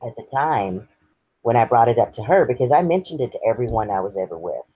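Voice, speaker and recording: A man's voice: medium pitch, animated, quick pace, husky, no echo, dull audio. A man, earnestly sharing his personal story as an interview guest. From Texas. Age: 50s. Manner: earnest, candid and reflective.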